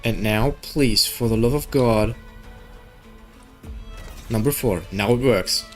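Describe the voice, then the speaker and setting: A man's voice: medium pitch, slow pace, soft background music. A young man chatting casually and joking while playing a game, reading its dialogue aloud. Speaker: gaming video creator.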